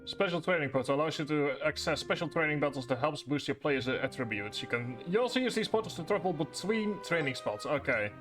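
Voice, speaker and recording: A young man casually commenting on a game as he plays it live, excitable, swearing often and reading on-screen text aloud. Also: on the high side, a little fast, few pauses, faint music behind. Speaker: game streamer.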